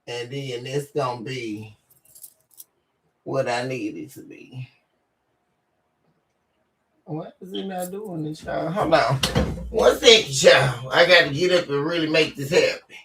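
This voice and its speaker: A woman hosting a live tarot stream on a webcam mic from home, excitable and laughing often as she chats casually with her viewers. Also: low-pitched, measured pace, long pauses. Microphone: webcam microphone.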